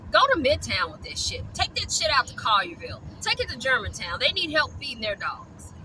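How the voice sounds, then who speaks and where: Blunt, bright-voiced woman ranting. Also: sits high, slight background noise, poor audio. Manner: blunt, profane, heated. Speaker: dog rescuer. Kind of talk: angry ranting vlog.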